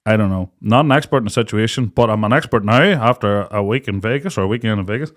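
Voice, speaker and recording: A man's voice: lowish voice, fast talker. An Irish man, a young adult podcast co-host, telling a night-out story in casual chat, swearing freely and acting out quotes between bursts of laughter. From Ireland.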